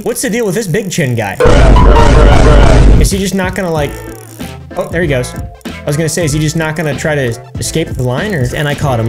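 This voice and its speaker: A man giving casual gameplay commentary, excitable and yelling and cursing at the game. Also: fairly high pitch. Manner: excitable, yells and curses at the game. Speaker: gaming YouTuber.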